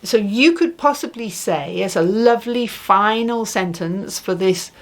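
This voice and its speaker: A woman's voice: medium pitch, lively intonation, unhurried. A woman teaching a language lesson, patiently asking questions and modeling phrases for the learner. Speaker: Spanish teacher. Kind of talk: slow spoken language lesson.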